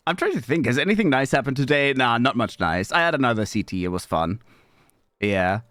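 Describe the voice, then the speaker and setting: Young male streamer, middle pitch, scattered and exasperated, swears at his gear, dry close mic. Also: lively intonation, a little fast, fairly bright tone, dry recording, soft background music. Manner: jumps between mumbles and high squeaky outbursts. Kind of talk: live stream chat with viewers. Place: home streaming setup.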